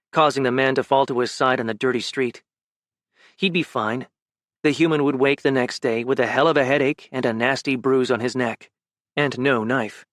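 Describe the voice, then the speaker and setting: Guy reading an audiobook, steady even delivery, mid voice, super dry close mic. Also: medium pitch, no room sound. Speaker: audiobook narrator. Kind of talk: scripted audiobook narration.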